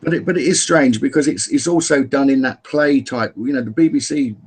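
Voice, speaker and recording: A man's voice: mid-range voice, a little fast, slightly rough. A man guest on an online call, rambling at length with many restarts. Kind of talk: casual chat, telling at length.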